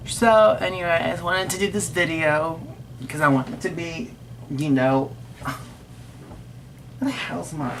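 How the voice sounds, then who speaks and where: A woman's voice: very deep voice, gravelly, noisy background. A young woman telling a personal story in a casual vlog, emotional, blunt and profane, rambling with many restarts. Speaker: vlogger.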